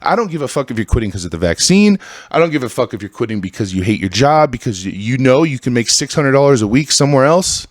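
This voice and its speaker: A man in his thirties hosting a solo podcast, ranting with constant swearing and jumping into high, exasperated outbursts. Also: sing-song, quick pace, no room sound, studio quality. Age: 30s. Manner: profane, ranting, swings into high exasperated bursts. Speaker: podcast host.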